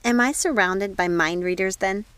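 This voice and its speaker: A woman voicing a kind young princess in an audiobook, bright and eager. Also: medium pitch, normal speed, clean tone, no echo, lightly acted. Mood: warm.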